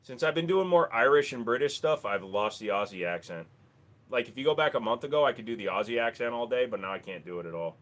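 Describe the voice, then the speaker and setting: A man's voice: medium pitch, lively intonation, fast talker, a bit bright. A man hosting a casual livestream, chatting offhand with viewers, rambling and swearing freely into a desk microphone. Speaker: livestream host.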